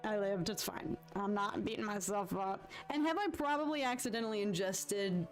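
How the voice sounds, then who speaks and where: A woman's voice: mid-range voice, moderate pace, soft background music. A young woman from the United States with a Detroit accent, chatting in a rambling, giggly way to viewers of her live stream while she draws. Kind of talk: casual chat while drawing.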